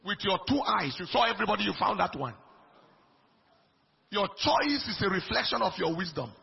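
A man delivers a sermon in a high-pitched voice that is gravelly and deeply husky. His delivery is emphatic, swinging between soft lines and shouted ones. The recording is dull and lo-fi. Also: very animated, normal speed. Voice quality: raspy, gravelly. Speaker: preacher.

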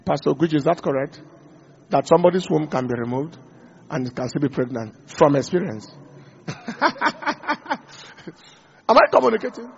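A male preacher delivers a lively sermon, acting out little exchanges between people and checking in with his listeners. His voice sits high and carries a husky, gravelly grain. The recording is dull and lo-fi. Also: moderate pace, pauses often. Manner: animated, acts out little dialogues, asks the audience questions.

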